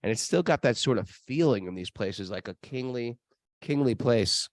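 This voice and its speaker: Animated rambling male podcast host. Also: medium pitch, moderate pace, no echo. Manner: rambling, animated, many restarts and fillers. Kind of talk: casual storytelling chat. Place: travel spot near temples.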